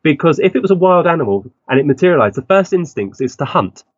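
A man, a guest on an interview, telling animated stories and acting out the voices of people in them. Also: a little high, fast, husky, dry recording. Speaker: guest medium. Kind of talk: interview storytelling. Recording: dull, dry lo-fi recording.

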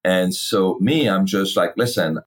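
Middle-aged male guest, lowish voice, blunt storyteller who swears and mimics dialogue. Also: fairly quick. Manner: candid, swears freely, acts out past dialogue. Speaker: fitness company founder, guest. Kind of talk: casual storytelling interview.

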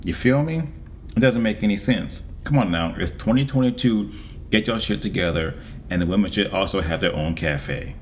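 A man giving a casual, wry monologue as a vlogger, with deliberate pauses. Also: lowish voice, background noise.

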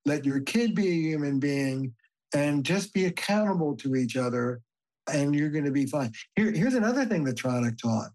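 Older male family therapist, podcast guest; animated, emphatic storyteller, casually profane. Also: fairly high pitch, moderate pace, low-quality recording. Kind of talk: conversational podcast interview.

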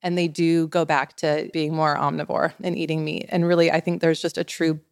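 A woman's voice: deep voice, brisk, vocal fry, clean tone, dry recording, studio quality. A woman in her forties, a wellness expert guest, telling stories in casual podcast chat with lots of "like" fillers. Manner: animated storyteller, many "like" fillers.

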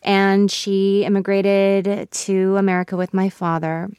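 Emotional woman actor, halting radio interview. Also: mid-range voice, monotone, clean tone, no echo, clean studio sound. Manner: thoughtful, halting, with many restarts and soft laughs. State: emotional, near tears.

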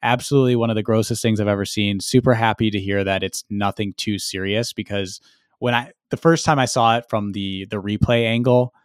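A man co-hosting a podcast, relaxed in casual chat and leaning on strong adjectives for emphasis. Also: on the low side, a little fast, clear, resonant tone, no echo, clean studio sound. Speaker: podcast co-host.

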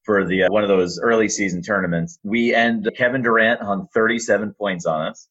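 Man, deep husky voice, animated storyteller in an interview, slightly dull lo-fi sound. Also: fairly quick. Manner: animated storyteller, lively, acts out quotes. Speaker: arena public address announcer.

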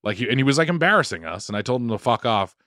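A man hosting a podcast, telling an animated story in casual chat and swearing freely. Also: medium pitch, rapid-fire, no room sound, clean studio sound. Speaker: podcast host.

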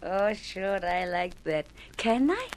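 A woman's voice: medium pitch, very animated, slow, a little hiss or hum, rough recording. A fiery girl. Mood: curious. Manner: broken English, defiant and threatening. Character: fiery young woman guarding a gangster's house. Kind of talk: 1950s radio drama acting.

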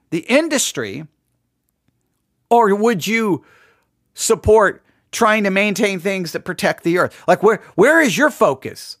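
A man's voice: sits high, a bit bright, dry recording, clean studio sound. A man giving casual commentary on a sermon clip, chatty and wry, often repeating his phrases.

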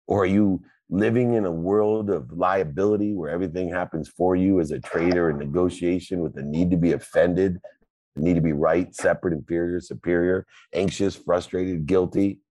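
Man, motivational speaker, deep voice, emphatic cadence, dry sound. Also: dark tone, no room sound. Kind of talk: motivational talk. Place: live audio chat room.

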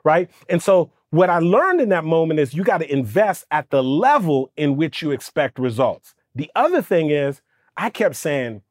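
A man telling a personal story on a podcast, animated and lively, slipping into voices for the people in it. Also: on the high side, moderate pace, dry recording, clean studio sound. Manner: lively, does voices for people in his stories, stammers when excited. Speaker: podcast guest, speaking coach. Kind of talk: animated storytelling in casual interview.

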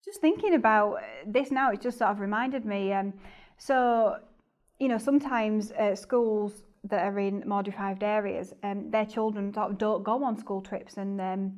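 A woman's voice: mid-range voice, moderate pace, a little mellow. A woman teacher hosting a podcast, thinking aloud hesitantly with lots of ums and you knows. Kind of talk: casual podcast chat.

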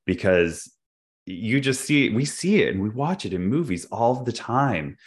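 A man's voice: lowish voice, animated. A man co-hosting a podcast, talking candidly and reflectively in casual chat. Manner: candid, reflective, quick to laugh. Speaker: podcast co-host.

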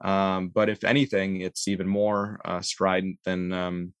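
A man speaking as a guest in a casual interview, measured and wry, with many ums and uhs. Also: low voice, level tone, clean tone, dry recording. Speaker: interview guest, law school lecturer.

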